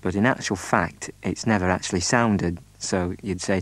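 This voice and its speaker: A man describing his home county, hesitant and measured, with many ums and uhs. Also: low voice, steady tone, dry recording. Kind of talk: unscripted spoken description.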